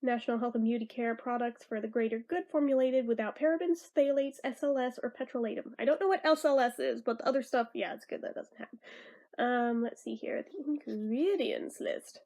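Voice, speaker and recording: A woman's voice: a little high, brisk, vocal fry, darkish tone. A woman with a stuffy nose chatting through a casual product review, bubbly and easily sidetracked.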